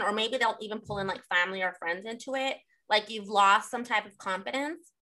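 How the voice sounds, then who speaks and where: A woman's voice: medium pitch, fairly even intonation, fairly quick, pushed and bright, poor audio. A young woman co-hosting a podcast in casual chat, blunt and profane, full of fillers. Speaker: podcast co-host.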